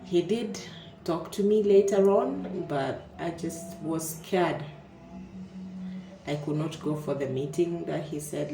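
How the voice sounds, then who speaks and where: Low-voiced Kenyan woman telling a story. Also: takes it slowly, over music. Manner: animated, repeats words and stammers when nervous. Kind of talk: casual storytime vlog. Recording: echoey room with faint ambience.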